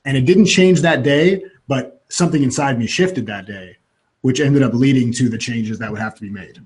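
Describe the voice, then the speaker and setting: A man, a guest in an interview, telling a personal story in an animated way and often restarting his sentences. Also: mid-range voice, moderate pace, breathy edge.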